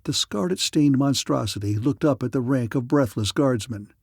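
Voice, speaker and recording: A man's voice: medium pitch, creaky, a little mellow, husky, dry recording, studio quality. Man narrating a sci-fi audiobook. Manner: dramatic, measured storytelling.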